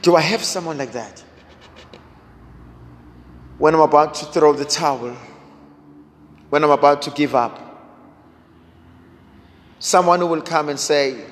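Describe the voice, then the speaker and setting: A man preaching a sermon, slow and dramatic, building through repeated rhetorical questions. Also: high voice, a bit bright. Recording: long hall reverb.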